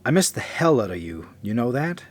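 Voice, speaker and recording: A man's voice: mid-range voice, very animated, brisk. A man voicing an exasperated, teasing wife on the phone.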